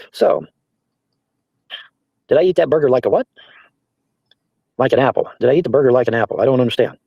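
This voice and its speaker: Male streamer, brisk and animated delivery, profane and scornful, dry close sound. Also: mid-range voice, vocal fry, slightly rough, no echo. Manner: profane, mocking, reads chat aloud and answers it. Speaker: livestreamer answering trolls. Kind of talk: casual livestream rant. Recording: dull, dry lo-fi stream audio.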